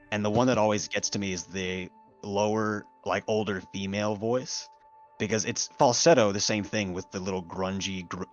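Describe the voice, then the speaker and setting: A man talking casually as a guest on a podcast, laughing often and swearing now and then. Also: lowish voice. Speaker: guest voice actor.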